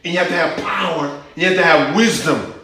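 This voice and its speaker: Man, pastor, sermon, emphatic, higher voice, very echoey church hall. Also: a little fast, bright, forceful tone. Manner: emphatic, asks congregation questions. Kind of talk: sermon with Bible teaching.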